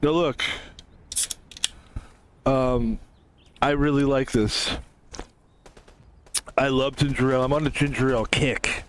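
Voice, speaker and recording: A man's voice: mid-range voice, steady tone, slow pace, long pauses, clean tone. A man streaming a game who talks casually to his audience. He rambles, swears often and drifts into jokey asides. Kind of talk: casual solo stream monologue.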